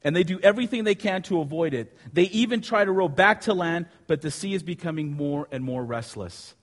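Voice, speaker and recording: A man preaching a sermon with animated storytelling, asking his listeners questions. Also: fairly high pitch, brisk. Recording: long hall reverb.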